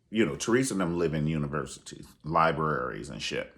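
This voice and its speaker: A man giving a sassy, profane reality TV review, acting out quotes in high voices. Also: a little fast, hardly any pauses, fairly bright tone, slight background noise. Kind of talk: animated casual commentary.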